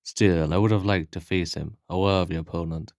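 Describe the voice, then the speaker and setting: Man doing a booming strongman, fatherly and cocky, very deep, dry close sound. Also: steady tone, normal speed, a little mellow, no room sound. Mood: hearty. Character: jovial boastful middle-aged male Russian super-soldier.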